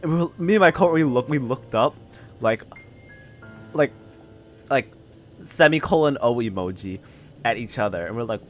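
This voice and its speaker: A man's voice: mid-range voice, lively intonation, moderate pace, long pauses, soft background music. A young man streaming and chatting casually, telling rambling stories full of fillers and laughs. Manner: rambling, filler-heavy storytelling with frequent laughs. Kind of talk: casual chat while gaming.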